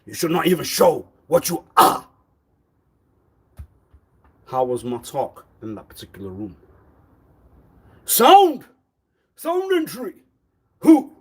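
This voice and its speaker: A man's voice: a little high, slightly rough. A man on a live stream, talking in an insistent, repetitive way and firing accusing, demanding questions. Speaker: livestreamer.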